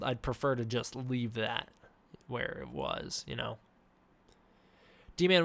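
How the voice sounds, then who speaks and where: A man's voice: mid-range voice, gravelly, a bit bright, dry recording. A young man chatting casually on a live stream from home, reading viewer questions with a desk mic. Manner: casual, reads chat questions, frequent fillers. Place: indoors at home. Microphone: desk mic with face cam.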